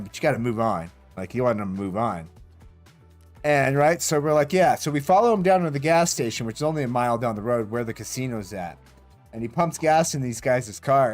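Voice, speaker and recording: A man streaming a game, telling a rambling story casually, swearing often and laughing as he goes. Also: mid-range voice. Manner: profane, rambling, animated retelling with laughs.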